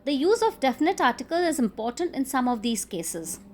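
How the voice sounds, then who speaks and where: A woman's voice: sits high, big pitch swings, brisk. A woman with an Indian English accent teaching a grammar lesson, patiently repeating each rule and example. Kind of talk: classroom grammar lecture.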